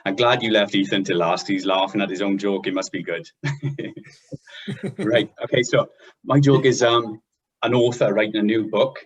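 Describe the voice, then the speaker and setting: A man's voice: fairly low pitch, steady tone, moderate pace, slightly rough, muffled recording. A man co-hosting a podcast, telling stories and jokes in a chatty way and laughing at his own punchlines. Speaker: podcast co-host.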